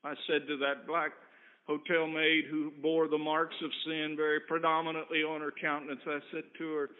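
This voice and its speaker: Male preacher with a high voice, earnest camp-meeting storyteller, thin lo-fi tape. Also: monotone, moderate pace. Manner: earnest anecdotes that swing from loud to hushed. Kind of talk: storytelling sermon. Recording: tinny phone-like recording.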